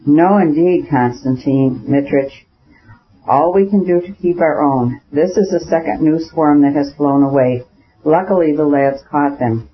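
A man's voice: fairly high pitch, unhurried, natural voice. A pious old country man talks about bees, hay and the weather in homely, deferential turns , voiced by a male audiobook reader. The voice sits a little raised, and the recording sounds dull and lo-fi. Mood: plain. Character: old male peasant beekeeper, plain-spoken and pious.

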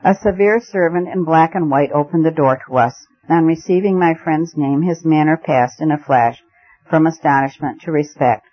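A man reading a classic novel aloud as narrator, in a steady storytelling manner. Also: on the high side, moderate pace. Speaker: audiobook narrator. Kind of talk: scripted narration. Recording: muffled lo-fi recording.

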